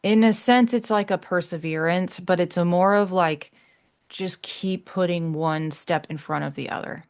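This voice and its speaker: A woman hosting her own podcast, talking earnestly and reassuringly to listeners, often halting and restarting. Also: lowish voice, smooth. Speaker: podcast host. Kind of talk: heartfelt solo podcast talk.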